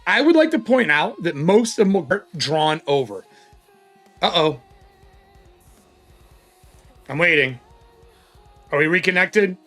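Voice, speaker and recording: Male streamer, high and lively voice, excitable off-the-cuff chat with a soft guitar track behind. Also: slow, pauses often. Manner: excitable, thinking aloud, swears casually. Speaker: livestream host. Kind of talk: casual live-stream chat.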